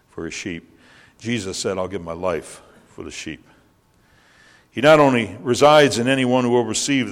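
An older man preaching a sermon, swelling louder and higher on key lines as he tells stories to the congregation. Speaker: pastor. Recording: long hall reverb.

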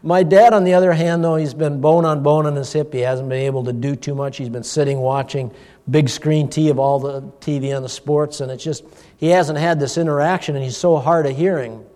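A middle-aged man, a pastor, giving an informal sermon, telling a personal story in a folksy, animated way with chuckles. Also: a little high, brisk. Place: church hall. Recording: long church-hall reverb.

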